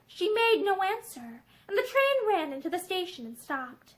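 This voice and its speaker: A young woman reading a novel aloud, with expressive, animated storytelling. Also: extremely high pitch, normal speed, few pauses, rough recording. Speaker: reader. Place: indoor room with bookshelves.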